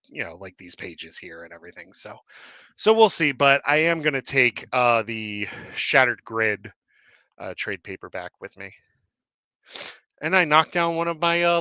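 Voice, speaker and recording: A man hosting a live show in casual chat, rambling and excitable with many fillers and restarts, a little out of breath. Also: medium pitch, no room sound. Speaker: host. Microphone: desk mic with cord.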